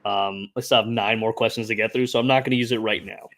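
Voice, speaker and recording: A man's voice: lowish voice, fairly even intonation, fast, a bit bright. A man co-hosting a casual live-stream trivia chat, thinking aloud with many ums and uhs. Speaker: trivia contestant and co-host.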